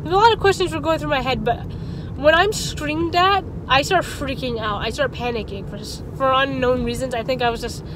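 A woman's voice: sits high, fairly quick. A woman in her twenties telling a story in a casual, rambling vlog, chatty with frequent small laughs. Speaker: vlogger. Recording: noisy outdoor traffic background.

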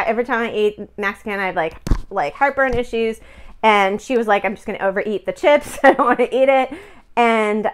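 A middle-aged woman talking casually about something personal, her voice smooth and clear. She rambles a little, with fillers and acted-out bits of dialogue, and sounds close to tears at times. Recorded at home. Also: mid-range voice, a bit bright. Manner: emotional, chatty, many fillers and quoted dialogue. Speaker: spiritual healer telling a personal story.

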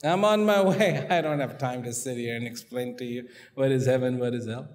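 A man voicing a calm old wise man who speaks quietly and plainly. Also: brisk, a little hiss or hum, close to an everyday voice. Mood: dismissive. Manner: low, quiet and dry. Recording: long hall reverb.

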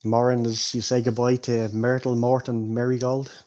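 A man's voice: medium pitch, flat delivery, normal speed, warm tone, highs cut off. A man narrating loosely as game master, often laughing.

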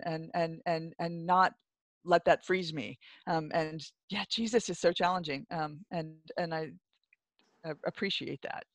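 Earnest, halting speaker with dry sound. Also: medium pitch, steady tone, fairly bright tone, no echo. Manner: earnest, halting, many restarts. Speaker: church discussion participant. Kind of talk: casual group discussion.

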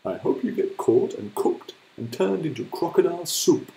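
A man doing a loud, shocked storybook hippo. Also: a little high, wildly swooping pitch, slow, echoey room, pitched above the performer's own voice, full character voice, rough recording. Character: fussy, indignant hippopotamus.

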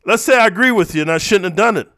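A man from the eastern United States ranting at his viewers in a profane, confrontational monologue that swings between low muttering and loud outbursts. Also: lively intonation, very fast, no echo, studio quality. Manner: profane, confrontational, says "bro" constantly. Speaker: YouTuber reacting to comments.

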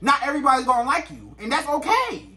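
A man's voice: extremely high pitch, very animated, fast talker, sharp tone. A man giving relationship advice to women in a casual monologue, emphatic and repeating his points again and again.

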